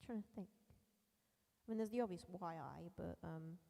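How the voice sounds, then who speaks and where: A woman's voice: on the low side, moderate pace, creaky, mellow, big-room sound. A woman hosting a songwriting live stream, thinking aloud in a tentative way and asking herself questions. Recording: acoustic guitar played under her speech.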